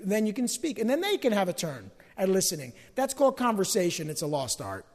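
A male pastor with a very high voice preaches in a lively, animated way, acting out quoted arguments and dropping to hushed asides. His sermon rings with the long reverb of a large hall. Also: fast talker, hardly any pauses. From Northeast US, Italian-American home.

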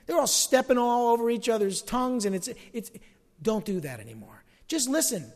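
A man preaching a sermon as a pastor who grew up in the American Northeast. He acts out quoted arguments and swings from loud bursts to hushed asides. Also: extremely high pitch, expressive, normal speed. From Northeast US, Italian-American home. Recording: long hall reverb.

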